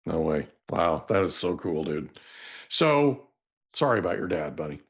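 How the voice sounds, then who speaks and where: A man's voice: sits low, big pitch swings, moderate pace, husky. A man hosting a casual podcast interview, speaking in an enthusiastic, affirming way. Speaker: podcast host.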